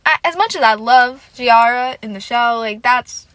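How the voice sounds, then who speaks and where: A woman's voice: fairly high pitch, unhurried, no room sound. A woman hosting a casual solo podcast, rambling and venting with lots of "like" and frequent swearing. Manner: animated and emotional fan venting. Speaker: podcast host.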